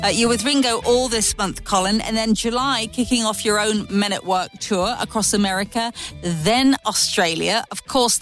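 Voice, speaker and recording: A woman's voice: mid-range voice, no room sound. A woman who grew up in Scotland hosting a radio interview, chatty and asking leading questions. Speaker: radio host.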